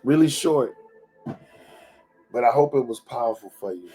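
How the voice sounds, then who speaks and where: A man hosts a motivational livestream and speaks straight to his viewers. His voice sits at a middle pitch, and he repeats his phrases in a preacher-like way. Faint music plays behind him. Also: animated, moderate pace, mellow, breathy edge. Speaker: host of a live-streamed motivational show. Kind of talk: live-stream motivational talk.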